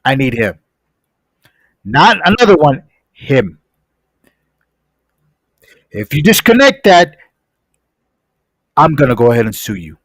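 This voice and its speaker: A man's voice: medium pitch, slow, pauses often, no room sound, rough recording. A young man telling a story casually to his stream, acting out voices. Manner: animated, acts out voices in the story.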